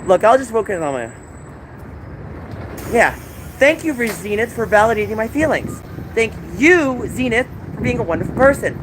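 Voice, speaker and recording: A man's voice: sits high, big pitch swings, normal speed, long pauses. An exhausted man hosting a live stream, venting emotionally and apologizing to his chat. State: tearful. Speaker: livestream host. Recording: loud outdoor background noise.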